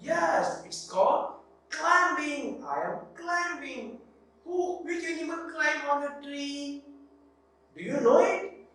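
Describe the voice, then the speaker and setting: Male teacher, Pakistani English accent, slow patient classroom drill, voice set far back from the mic. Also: very high voice, fairly bright tone. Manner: slow, patient, asks questions then answers them himself. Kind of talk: classroom English lesson for children. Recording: very echoey room, voice from off-mic.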